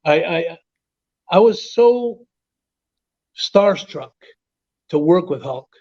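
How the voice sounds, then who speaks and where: A man from Quebec, telling animated stories as an interview guest, often repeating and restarting words. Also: sits high, slow. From Quebec, Canada. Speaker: interview guest, former wrestler. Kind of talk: casual storytelling interview. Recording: dull lo-fi audio.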